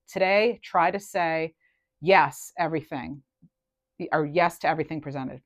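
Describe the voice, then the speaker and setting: A woman with a low voice and measured pace offers a casual collective tarot reading, with no room sound. She's chatty, thinking out loud and frequently trailing off before restarting.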